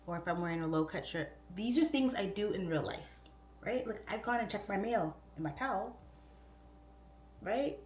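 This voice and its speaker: Chatting casually on a livestream from home, a real estate agent in her thirties reads comments aloud and is goofy and easily sidetracked. She has a medium-pitched, expressive, slightly mellow voice at moderate pace, heard in an echoey room with a little hiss or hum.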